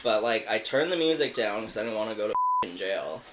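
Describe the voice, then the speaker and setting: A man's voice: fairly low pitch, expressive, fairly quick, very noisy. A man in his thirties on a podcast, telling a story in a casual, rambling way, swearing a lot and filling it with "like". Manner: profane, rambling, lots of "like". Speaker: podcast co-host.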